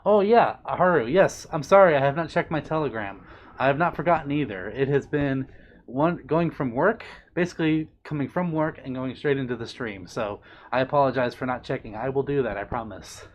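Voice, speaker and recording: A man casually chatting on a live stream, reading out chat messages in a playful, doting, bubbly way with big jumps in pitch. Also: brisk, dull audio, a little hiss or hum.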